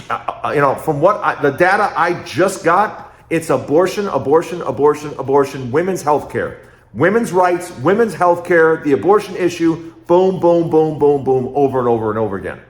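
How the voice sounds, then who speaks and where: A man hosting his own political commentary show, talking emphatically and repeating phrases in quick rhetorical bursts. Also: a little high, reverberant.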